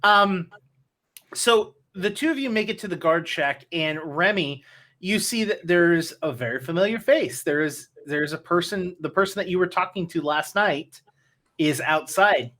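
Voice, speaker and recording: A game master narrating a tabletop game, talking haltingly with many fillers and restarts. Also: mid-range voice, expressive, a bit bright.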